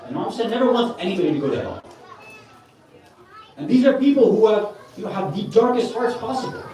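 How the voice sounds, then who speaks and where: A man's voice: high voice, animated, fast, pauses often, dark tone. A man giving an earnest, conversational sermon at a religious gathering, mixing in Arabic religious terms. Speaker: speaker at a Muharram gathering. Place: large hall with a gathering. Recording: echoey hall, from far off.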